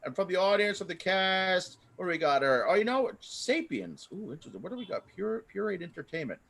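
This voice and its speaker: A man hosting a live improv comedy show over a video call, talking in an excitable, rambling way. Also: high-pitched, brisk, creaky. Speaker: improv host.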